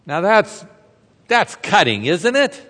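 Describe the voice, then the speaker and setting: A man's voice: sits high, big pitch swings, slow, fairly bright tone. A man preaching a sermon as a pastor, retelling a story in a conversational way and throwing rhetorical questions to the congregation. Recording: reverberant hall sound.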